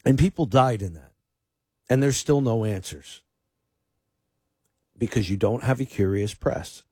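A male radio host with a somewhat husky voice delivers pointed political commentary. His speech is emphatic, with restarts and repeated words. The sound is close and dry. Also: mid-range voice, a little slow, darkish tone, dry recording. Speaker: fill-in radio talk host.

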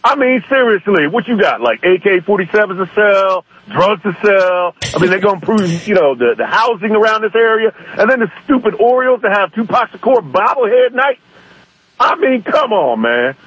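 A man's voice: high-pitched, big pitch swings, moderate pace, fairly bright tone, slight background noise. A man calling in to a radio show by phone, ranting indignantly and fired up. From East Baltimore. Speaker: caller. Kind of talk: phone-in rant. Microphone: telephone. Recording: muffled phone line.

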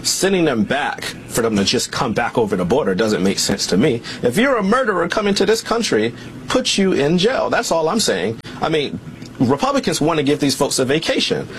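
A man's voice: on the high side, big pitch swings, normal speed, slight background noise. A man arguing his point insistently in a televised interview clip.

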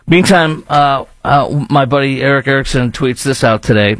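A man's voice: mid-range voice, moderate pace, fairly bright tone, no room sound. A man hosts a talk radio show in an emphatic, opinionated monologue, full of restarts and asides. His voice sits in a middle register. The studio sound is close and dry. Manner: emphatic, rambling, with mocking put-on voices.

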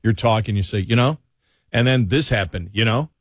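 A man's voice: fairly low pitch, moderate pace, slightly rough, no room sound, studio quality. A man with a Buffalo accent hosting talk radio, bantering in an easygoing, casual way.

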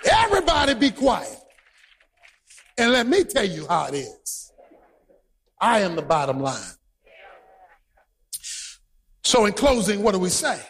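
A man preaching a sermon to a congregation, storytelling with bursts of shouted emphasis. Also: high voice, huge pitch swings, moderate pace, pauses often. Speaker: pastor. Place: large church hall. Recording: reverberant hall, husky tone.

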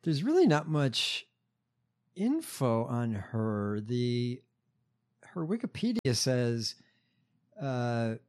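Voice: mid-range voice, wildly swooping pitch, very slow, pauses often, a little mellow. A podcast co-host in casual chat who talks hesitantly, with many ums and restarts.

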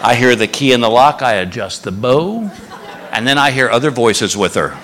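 A man doing stand-up, telling a story in a lively, animated way and acting out other people's voices. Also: normal speed, a little hiss or hum. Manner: animated, acts out a high-pitched wife's voice. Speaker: stand-up comedian. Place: comedy club stage with live audience. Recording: live club recording, hall reverb, crowd.

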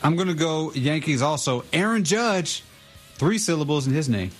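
A man's voice: fairly high pitch, lively intonation, moderate pace, soft background music. A man as a studio guest on a sports radio show, making picks in an easygoing, amused way. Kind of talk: casual sports betting chat.

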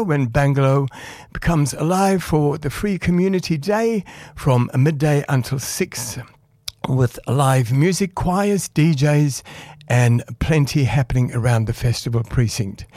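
A man's voice: medium pitch, warm tone, no echo, studio quality. A man hosting a community radio music show, signing off in an upbeat, friendly announcing manner and a little out of breath. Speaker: radio DJ and host.

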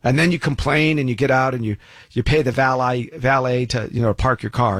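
A man's voice: mid-range voice, steady tone, fairly quick, a bit bright, no room sound. A man giving an opinion commentary monologue in a folksy, sarcastic way with many asides.

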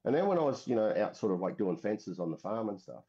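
This middle-aged Western Australian veteran has a fairly low, warm, sing-song voice and talks fast. He rambles through his story with frequent fillers and restarts, heard on a dull lo-fi recording.

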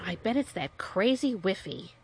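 A woman's voice: mid-range voice, sing-song, slow pace, very noisy. An actress playing a chatty elderly widow in a radio drama, fussy and muddling her tech words. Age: older.

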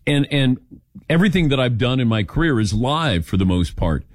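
A man's voice: mid-range voice, sing-song, a little fast, no echo, studio quality. An older man hosting a radio talk show, telling stories and acting out quoted lines in casual chat.

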